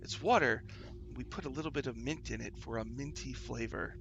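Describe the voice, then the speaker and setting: A man's voice: medium pitch, brisk, gravelly, fairly bright tone, highs cut off, slight background noise. A man voicing chatty, polite male elf guards at a dungeon gate, hesitating as they talk.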